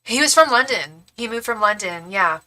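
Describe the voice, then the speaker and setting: A woman's voice: on the high side, expressive, normal speed, sharp tone. A young woman hosting a live-stream, chatting casually and rambling with many restarts. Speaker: tarot reader livestream host.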